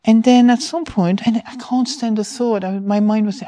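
A woman teacher giving an informal dharma talk, telling a lively story, laughing often and mimicking her own inner voice. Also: a little high, moderate pace, few pauses. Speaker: meditation teacher.

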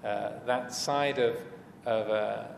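A man's voice: lowish voice, steady tone, slow, vocal fry. Hesitant man giving a dharma talk in an echoey hall. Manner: hesitant, many fillers and restarts, gentle humor. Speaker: Buddhist monk teacher. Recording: echoey hall, faint room noise.

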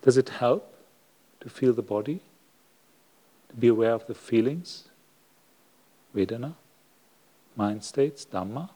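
Monk giving a sermon, mellow male voice, slow and reflective with long pauses. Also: medium pitch. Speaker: Buddhist monk giving a Dhamma talk. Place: monastery hall.

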